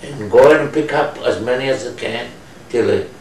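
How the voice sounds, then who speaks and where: An older man recounting his memories in an oral history interview, speaking slow, halting, non-native English and searching for words. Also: mid-range voice. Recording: roomy distant mic with faint noise.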